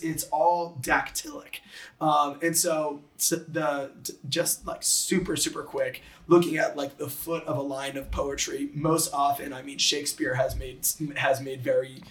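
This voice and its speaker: A man who teaches high school English, explaining poetic meter enthusiastically and tapping out rhythms with his voice. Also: level tone, normal speed, a bit bright, echoey room, far from the mic. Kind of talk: conversational explanation, reading a poem aloud.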